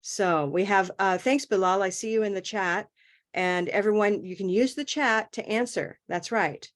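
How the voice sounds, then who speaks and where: Female pronunciation teacher on a video call, mid-pitched, upbeat, demonstrates phrasing by slowing right down. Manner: encouraging, laughs often, stretches words to demonstrate. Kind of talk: online class teaching.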